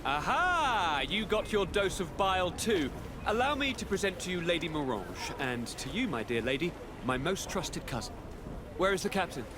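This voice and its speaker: A chatty, flamboyant noble governor who is eager to see his new city. His voice sits high and leaps all over the place in a courtly, theatrical way. Loud harbour ambience runs under the game audio. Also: big pitch swings, normal speed, noisy background. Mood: playful. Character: cheerful, flamboyant young noble governor, man.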